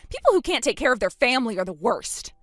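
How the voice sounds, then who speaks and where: A woman's voice: a little high, very animated, fast, fairly bright tone, no room sound, studio quality. A woman voicing an earnest young aunt who pleads for her brother's baby, in scripted dialogue. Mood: pleading. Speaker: voice actor in a text-story drama.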